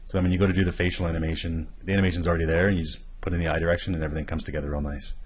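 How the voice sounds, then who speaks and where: Guy explaining animation step by step, really low voice. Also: very fast, husky. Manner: steady explanatory walkthrough. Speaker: animation instructor. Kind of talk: screen-recorded tutorial.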